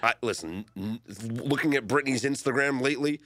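A man's voice: medium pitch, a little fast, no room sound. A man hosting a sports radio show, joking and bantering with his co-hosts in a studio. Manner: joking, animated, reads quotes aloud. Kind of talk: casual sports talk banter. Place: radio studio in Las Vegas. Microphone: studio microphone.

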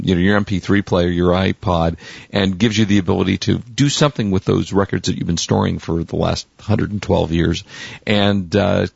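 A man co-hosting a casual radio tech show, pitching products in a relaxed, rambling way, his voice worn out from cheering. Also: vocal fry, breathy edge, no echo, muffled recording.

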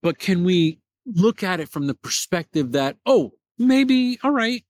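A man with a high voice hosts a solo podcast, rambling eagerly through a story and tripping over repeated words. The sound is dry and close, with no room echo. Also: sing-song, measured pace, darkish tone. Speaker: podcast host.

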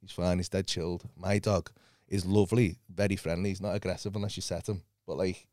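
A young man, a comedian telling animated, sweary stories in casual podcast chat. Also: deep voice, brisk, dry recording, studio quality.

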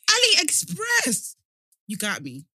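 A woman chatting casually with a friend, animated and teasing, often breaking into laughter. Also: mid-range voice, husky, dry recording. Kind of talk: casual chat between friends.

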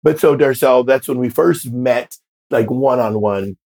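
Husky-voiced older man telling stories. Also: mid-range voice, a little slow. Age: 50s. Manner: animated storyteller, acts out quoted voices. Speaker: drag performer and guest. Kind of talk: casual interview storytelling.

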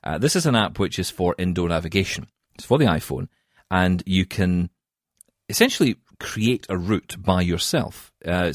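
A man with a Scottish accent, chatting on a podcast in a self-mocking, animated way. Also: deep voice, no room sound, clean studio sound. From Scotland. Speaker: podcast co-host. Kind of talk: casual chat.

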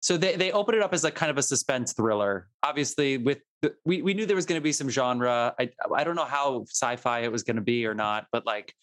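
A man's voice: mid-range voice, lively intonation, a little fast, hardly any pauses, fairly bright tone. A man hosting a casual podcast chat, rambling and restarting his sentences with laughing asides. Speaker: podcast host.

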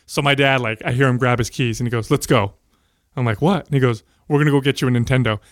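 A man's voice: medium pitch, fairly even intonation, quick pace, no room sound, clean studio sound. A man, around forty, telling a childhood story in casual chat with friends, swearing freely. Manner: storytelling, swears often, acts out quotes.

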